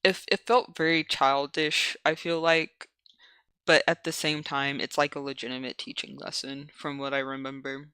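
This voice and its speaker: A young adult streamer reads their old fanfiction and keeps stopping to explain it in loose, rambling asides packed with "like". The voice is bright and sits dry and close to the mic. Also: mid-range voice, flat delivery, moderate pace, clean tone, no echo. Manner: rambling, heavy use of "like" fillers. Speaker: streamer reading own fanfiction. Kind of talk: casual reading with asides.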